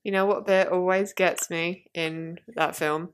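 A woman's voice: lowish voice, fairly even intonation, measured pace. A woman hosting a podcast, teasing and exasperated as she quizzes her co-host. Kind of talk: comic podcast banter.

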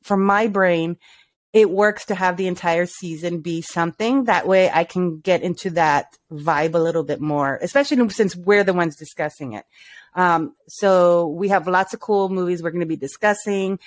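A woman's voice: fairly low pitch, normal speed. A woman co-hosting a podcast in casual chat, swearing freely and laughing often. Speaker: podcast co-host.

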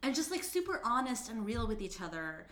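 A woman co-hosting a podcast, chatting in an animated way and saying "like" often. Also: a little high, a little fast, reverberant. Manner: animated, heavy use of "like". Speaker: podcast co-host. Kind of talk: casual chat.

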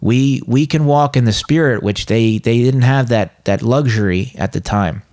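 A man's voice: medium pitch, moderate pace, darkish tone. A man co-hosting a casual Bible discussion podcast, talking in an earnest, confessional way. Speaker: podcast co-host.

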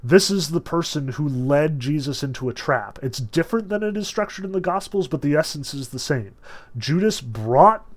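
A man lecturing on a novel, emphatic and animated, with sudden surges of stress and casual asides. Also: on the high side, moderate pace. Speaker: literature lecturer.

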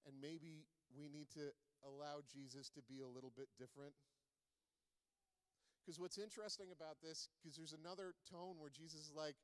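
A man's voice: on the high side, fairly even intonation, normal speed. A man preaching a sermon in a conversational way, asking the listeners many rhetorical questions. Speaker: pastor. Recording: long reverb of a large hall.

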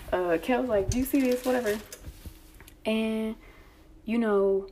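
A young woman telling a story in a casual, profane chat, blunt and animated, acting out the exchanges with lots of fillers. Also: a little high, unhurried, pauses often, a little hiss or hum.

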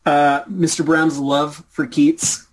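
A man hosting a casual film chat, hesitant and halting, often breaking into laughter. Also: a little high, level tone, low-quality recording.

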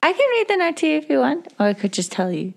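A curious young adventurer asks polite questions in a somewhat high voice, as a player puts her on. She sounds eager and courteous. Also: sing-song, quick pace, gravelly, full character voice.

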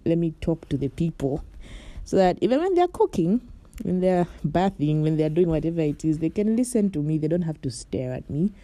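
A woman's voice: low voice, sing-song, a little fast, dark tone, dry recording. A young woman from Morocco hosting a casual solo podcast from her bed, rambling and chatty with lots of fillers. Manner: chatty and rambling, with frequent "like" and "you know" and light laughs. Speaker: podcast host.

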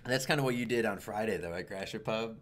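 A man's voice: lowish voice, fast talker, a little hiss or hum. A young man, a stand-up comedian, chatting casually and swearing freely. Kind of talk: casual chat.

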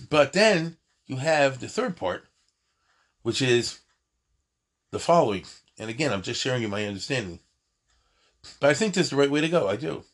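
A man's voice: medium pitch, very animated, moderate pace, pauses often. A man teaching an informal lecture on prayer, talking in an emphatic, digressive way with many asides and restarts. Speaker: Torah teacher.

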